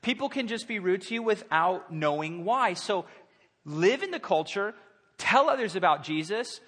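A man in his thirties preaches with a lively, swooping delivery, slipping into quoted voices as he goes. His tone is bright and slightly husky. The sound rings with the long reverb of a large church sanctuary. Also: high-pitched, normal speed. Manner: animated, conversational preaching with acted-out quotes. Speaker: pastor. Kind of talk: sermon.

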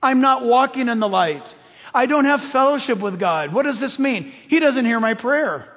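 Animated male preacher, husky tone, sermon in a reverberant church hall. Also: very high voice, normal speed. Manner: animated, swings from loud to hushed. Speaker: pastor.

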